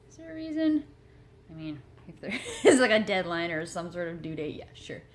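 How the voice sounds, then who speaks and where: A woman's voice: lowish voice, sing-song, fairly quick. A woman vlogging at home, chatting in a rambling, earnest, self-deprecating way about motivation. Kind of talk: rambling casual chat. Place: home room with her cat.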